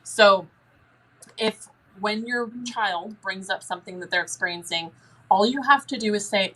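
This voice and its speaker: A woman's voice: measured pace, fairly bright tone, poor audio. Chatty young woman answering questions. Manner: chatty, acts out dialogue in a higher voice. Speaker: paranormal Q&A guest.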